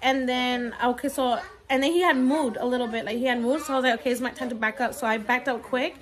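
A woman's voice: a little high, fairly even intonation, quick pace. A young woman telling a frightening story on her vlog, near tears, rambling with many fillers and slipping in Spanish words. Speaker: vlogger.

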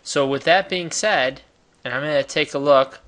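A man's voice: fairly high pitch, moderate pace, a bit bright. A man from the United States hosting a casual, enthusiastic tutorial while sharing his screen. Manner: enthusiastic, chatty, salesy. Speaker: host.

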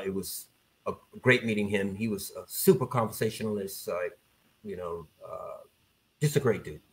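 A man as a podcast guest, telling a story in a casual, animated way and acting out the voices of people he quotes. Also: fairly low pitch.

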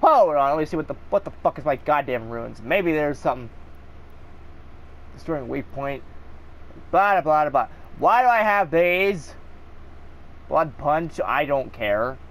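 A man's voice: a little high, expressive, moderate pace, fairly bright tone. A man giving live gameplay commentary, swearing and ranting angrily at the game. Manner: profane, angry ranting at the game. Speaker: gaming video creator.

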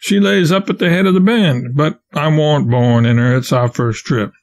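A man reading the part of a frightened young stowaway who pleads and spins quick tales. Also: fairly high pitch, gravelly. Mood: pleading. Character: scared young stowaway boy, quick with a lie.

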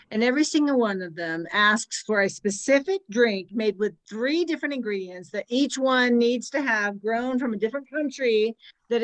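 A woman's voice: on the high side, dry recording. A woman playing an improv joke game on a video call, telling a bar joke in a long, run-on way. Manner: rambling, run-on delivery. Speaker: improv player.

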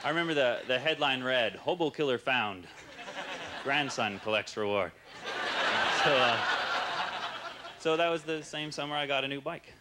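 Young Canadian man, hesitant deadpan comic, mid-pitched, live club recording with room noise. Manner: halting, hesitant, many uhs and restarts. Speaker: stand-up comedian. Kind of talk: deadpan stand-up set. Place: comedy club stage with audience laughing.

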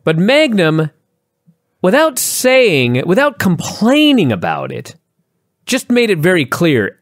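Lively, profane male podcast co-host. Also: sits high, slow, no echo, studio quality. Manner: profane, animated, sarcastic. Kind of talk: casual review chat.

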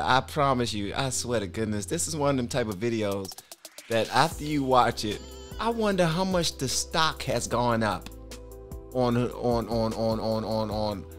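A man chats loosely as he reacts to a clip, cursing and exclaiming. His pitch leaps around with lots of life, and faint music plays softly behind him. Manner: animated, swearing, exclaiming. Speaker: reaction video host. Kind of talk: casual reaction commentary.

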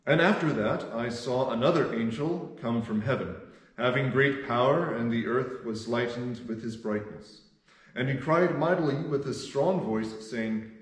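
A man's voice: medium pitch, measured pace, reverberant, low-quality recording. A man leading a devotional as pastor, reading scripture steadily with an occasional filler word.

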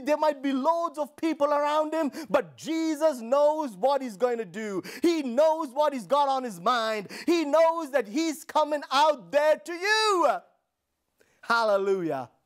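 A male pastor preaching a sermon in an emphatic, repetitive style, calling on the congregation to repeat his words and sometimes shouting. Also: very high voice.

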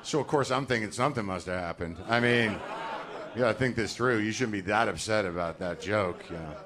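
Background noise accompanies a fairly low-pitched, fairly quick male voice. The speaker, in his forties, is on stage at a comedy club before a live crowd, delivering a neurotic, ranting stand-up routine full of acted-out voices and scenes.

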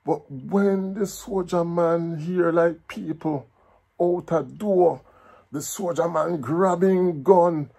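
A Jamaican man telling a folk story in patois, with a lively, animated delivery. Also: fairly high pitch, slow pace, gravelly, slightly rough.

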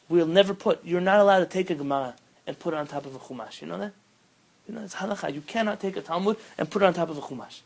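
A man, a rabbi, teaching an informal Torah class, telling stories with lively bursts of emphasis and sprinkling Hebrew terms into his English. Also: high voice, creaky, rough recording. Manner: animated storytelling, rising loud when quoting.

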